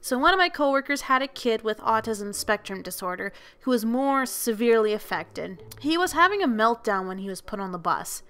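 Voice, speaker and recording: Bright, high, lively woman storyteller. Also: a little fast, few pauses, clean tone. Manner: lively, expressive storyteller who acts out the people she quotes. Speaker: school bus driver. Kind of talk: storytelling narration for an animated video.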